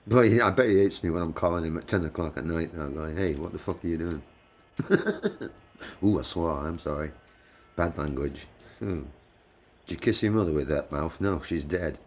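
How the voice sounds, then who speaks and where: A man's voice: deep voice, moderate pace. An English man hosting a livestream, chatting casually with viewers, laughing often and swearing freely. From England. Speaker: livestream host. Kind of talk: casual chat with live viewers. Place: living in the United States.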